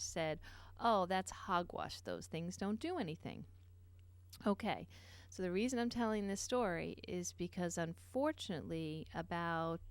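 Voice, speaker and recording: Middle-aged woman TV nutrition host, earnest storyteller, slightly low pitch, dry studio sound. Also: darkish tone, clear, resonant tone, dry recording. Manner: earnest, many fillers and asides. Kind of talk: personal story and health talk.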